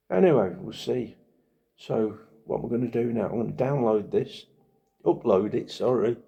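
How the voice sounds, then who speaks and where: A man's voice: medium pitch, lively intonation, normal speed, gravelly, dark tone, husky. A middle-aged man, telling wry rambling stories in a casual chat to camera. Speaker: vlogger.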